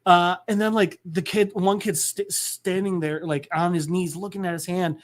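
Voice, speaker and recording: In a casual comic book recap, a man whose voice is a bit high for a man describes a scene to a listener in a steady tone and at a moderate pace. His delivery is rambling and stumbling, full of restarts and the word "like."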